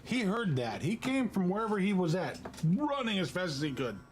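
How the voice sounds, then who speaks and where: A man live-streaming a video game, chatting casually and cooing gently at his dog. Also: sits high, very animated, slight background noise. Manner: slow, soft-spoken, cooing at his dog.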